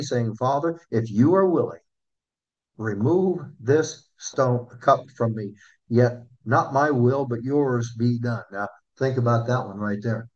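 Husky-voiced preacher man, muffled recording. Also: mid-range voice, a little mellow. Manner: earnest, asks the congregation questions, slows for scripture. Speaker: pastor. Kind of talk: sermon.

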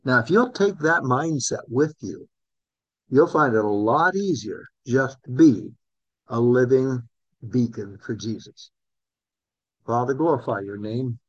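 A man's voice: mid-range voice, lively intonation, measured pace, no echo, dull audio. A man preaching a sermon in a conversational way, calling on listeners by name. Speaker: pastor.

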